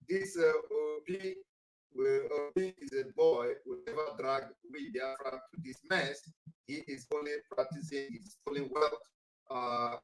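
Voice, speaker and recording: A man hosting a live call-in show, emphatic and quick to thank callers. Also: mid-range voice, far from the mic, low-quality recording. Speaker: host.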